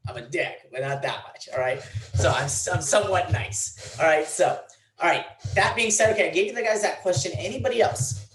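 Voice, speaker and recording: A man's voice: on the high side, a little fast, fairly bright tone, roomy sound, poor audio. A man teaching a programming class, blunt and teasing, in a classroom. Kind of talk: classroom lecture.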